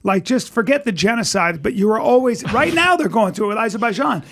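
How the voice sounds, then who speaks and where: A comedian guest on a podcast, a man telling rambling, animated stories in casual chat. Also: high-pitched, quick pace.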